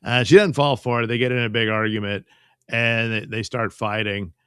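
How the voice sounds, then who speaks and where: Guy rambling thru a movie recap live, bright voice, dry close mic, stammers and chuckles a lot. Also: on the low side, fairly even intonation, normal speed, clear, resonant tone, no room sound. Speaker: host of a live movie-review stream. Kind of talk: casual live-stream chat.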